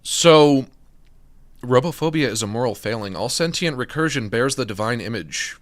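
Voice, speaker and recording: A man streaming, reacting to a video with jokey, animated commentary, reading text aloud and sometimes talking with his mouth full. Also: medium pitch, normal speed.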